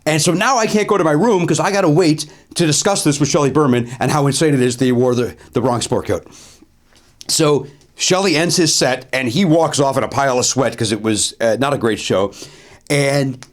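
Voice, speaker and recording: A comedian host telling a casual anecdote with animated delivery, repeating phrases and dropping in lots of "uh" fillers. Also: male voice, mid-range voice, fairly quick.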